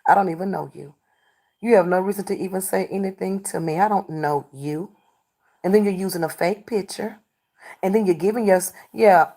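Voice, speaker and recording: A combative woman on a livestream, calling out her chat again and again. She scolds and repeats herself, with an everyday pitch that sits in the middle of the range. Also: a little fast, warm tone. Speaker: livestreamer doing readings. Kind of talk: confrontational livestream talk to chat.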